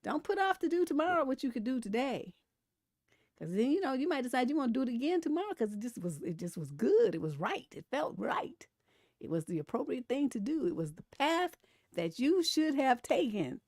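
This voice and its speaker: A woman's voice: high voice, very animated, a little fast, darkish tone, no room sound, clean studio sound. A middle-aged woman, a relationship coach, hosting a casual live stream, telling stories bluntly with a lot of profanity and laughter. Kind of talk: casual livestream commentary.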